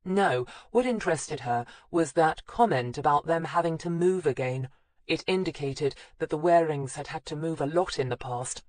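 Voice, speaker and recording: A woman narrating a crime audiobook in a measured, even reading. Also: deep voice, dry recording. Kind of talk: scripted narration.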